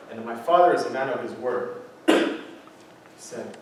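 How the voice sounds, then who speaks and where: Man telling his story in an echoey hall. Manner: earnest, with dramatic pauses and a voice that sinks low and quiet. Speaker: motivational speaker. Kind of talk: personal story told to high school students. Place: large school hall. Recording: echoey hall, distant mic, faint hiss.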